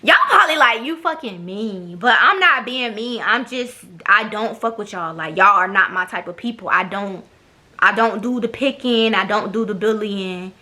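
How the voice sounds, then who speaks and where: A young woman vlogger tells a blunt, profane storytime straight to her camera, sassy and quick to mimic other people. Her voice sits at a medium pitch and sounds animated, pushed and bright, moving at a moderate pace.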